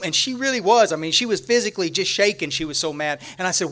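An older Texan man speaks to a retreat crowd in a notably high voice. He talks in a folksy, rambling way, stumbles through restarts and fillers, and drifts into humorous stories. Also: quick pace, hardly any pauses, fairly bright tone. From Texas. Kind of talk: rambling humorous storytelling talk. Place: room at a retreat, talking to a live audience.

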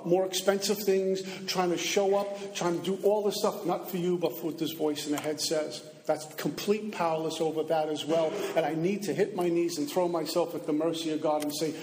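A man's voice: fairly high pitch, a little mellow, slight background noise. A man giving an earnest recovery meeting talk, sometimes voicing the thoughts in his head. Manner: earnest, acts out the inner voice in asides. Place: meeting room. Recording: echoey hall from far off.

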